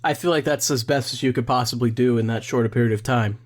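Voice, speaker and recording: A man's voice: medium pitch, quick pace. A man co-hosting a comedy podcast about musicals, trading dry, sarcastic banter. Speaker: podcast co-host. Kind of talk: comedic casual chat.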